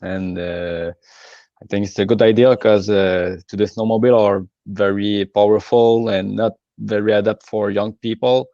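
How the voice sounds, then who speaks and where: A man from Quebec with a Québécois French accent, speaking English hesitantly with many pauses as an interview guest. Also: on the low side, steady tone, mellow, no echo, muffled recording. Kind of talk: casual interview.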